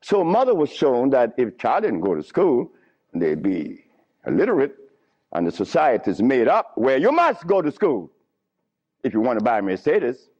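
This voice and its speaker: A middle-aged man lecturing to a live audience, telling stories in an animated way and often chuckling. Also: medium pitch, normal speed. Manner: animated storytelling with frequent chuckles. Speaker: lecturer on herbal healing. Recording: lo-fi archival lecture recording.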